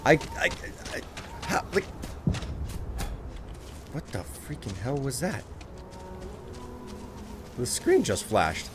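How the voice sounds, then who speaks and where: A man's voice: medium pitch, sing-song, slow, long pauses, noisy background. Exasperated chatty male streamer. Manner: chatty, exasperated, thanking viewers. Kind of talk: casual live-stream chat.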